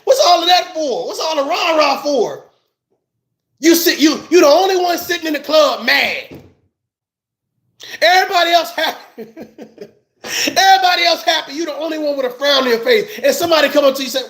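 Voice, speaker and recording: A man giving a heated, scolding commentary rant, loud and emphatic, often laughing as he talks. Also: very high-pitched, animated, fairly quick, long pauses, reverberant. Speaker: commentary vlogger.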